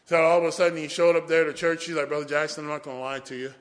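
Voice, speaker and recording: Racing along in a slightly high voice, a male preacher animates a sermon story by performing each character's lines himself. It was recorded in an echoey hall.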